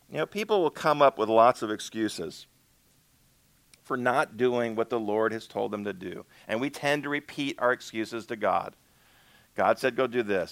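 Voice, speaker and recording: A man's voice: fairly low pitch, moderate pace, gravelly, a bit bright, no room sound. Man preaching a conversational sermon. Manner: conversational preaching, acts out dialogue with God. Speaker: minister.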